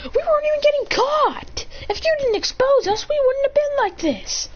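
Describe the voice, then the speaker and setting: A woman voicing a hot-headed young male hero who shouts shrilly, on a dull lo-fi recording. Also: very high-pitched, expressive, normal speed, voice pushed up. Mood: angry yelling.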